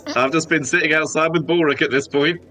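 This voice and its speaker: Bright-toned man, deadpan player. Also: on the high side, fast. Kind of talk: casual tabletop play.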